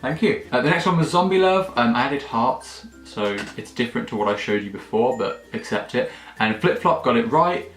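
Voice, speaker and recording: Jokey young vlogger, mid-range voice, casual swearing, echoey room with soft music underneath. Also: male voice, medium pitch, normal speed, few pauses. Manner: jokey, excitable, swears freely. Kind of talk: casual direct-to-camera chat.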